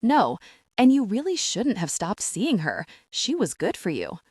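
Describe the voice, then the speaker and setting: A woman voicing a smug, scheming woman who speaks slowly and mockingly in an audiobook. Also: mid-range voice, wildly swooping pitch, husky, dry recording, studio quality, heavily acted. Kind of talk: audiobook narration.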